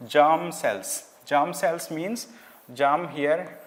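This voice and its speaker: Indian man teaching in an echoing hall. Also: a little high. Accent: Indian English. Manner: explains slowly, repeats key words, mixes in Hindi phrases. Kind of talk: online class lecture. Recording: hall-like reverb.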